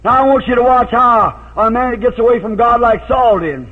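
High-voiced preacher on old tinny tape. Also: male voice, moderate pace. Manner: folksy storytelling, breaking into shouted hallelujahs. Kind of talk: revival sermon.

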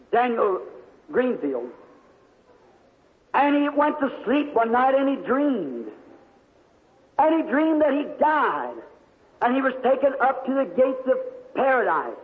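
A male preacher with a very high voice delivers a fervent sermon, telling a story and turning to address his listeners directly. The sound is tinny and narrow, and a long hall reverb trails his words.

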